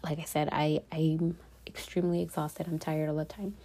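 Soft-spoken woman with a gravelly, husky voice. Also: low-pitched, flat delivery, moderate pace. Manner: soft-spoken, slipping into whispers. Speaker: vlogger. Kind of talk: personal storytelling vlog.

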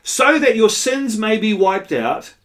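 A man's voice: sits high, big pitch swings, slow, fairly bright tone. A male pastor giving a sermon in a conversational, earnest way, telling a personal story with frequent asides. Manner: conversational, earnest, self-deprecating storytelling with frequent "you know".

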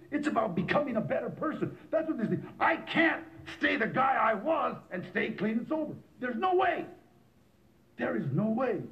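Animated man telling his recovery story. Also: extremely high pitch. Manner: animated, rough street talk. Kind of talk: storytelling talk at a recovery meeting. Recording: dull lo-fi cassette tape.

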